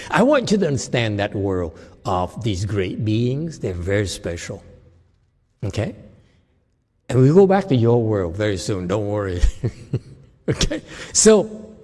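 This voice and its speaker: A man's voice: mid-range voice, big pitch swings, unhurried, darkish tone, in a large hall. A man as a Chan meditation teacher giving a dharma talk to a group, laughing often and checking in with "okay?".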